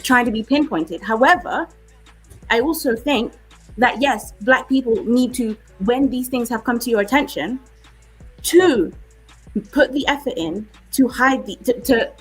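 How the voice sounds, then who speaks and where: Brief: British woman, slightly high and husky, lecturing a live-stream panel. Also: a little slow, faint music behind, rough recording. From United Kingdom. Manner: forceful, lecturing, keeps asking "okay?". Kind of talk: heated live-stream debate.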